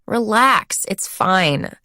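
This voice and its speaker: A woman's voice: mid-range voice, lively intonation, extremely slow, sharp tone, no room sound, clean studio sound, voice pushed up, exaggerated voice. A woman narrator voicing a breezy, sardonic rich young college woman with an airy, dismissive manner.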